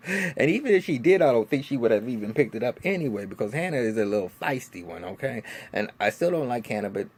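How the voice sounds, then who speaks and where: A man giving a casual vlog review of a TV episode, animated and profane, with lots of restarts and laughing asides. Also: medium pitch, fast talker, slightly rough. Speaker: TV show reviewer.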